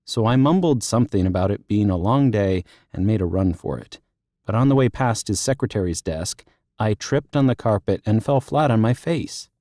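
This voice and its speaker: A man's voice: on the low side, expressive, dark tone, no echo. A man reading an audiobook, voicing an anxious young female teacher who is flustered, self-deprecating and close to tears. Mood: frustrated. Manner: teary, self-deprecating, rushed. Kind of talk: audiobook character voice.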